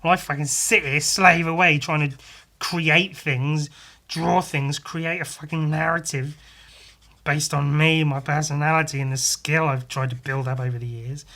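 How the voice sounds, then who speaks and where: A man's voice: on the high side, steady tone, normal speed, bright, forceful tone. A man hosting a casual solo podcast, ranting bluntly and sarcastically with lots of swearing while he draws at his desk at home. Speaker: podcast host.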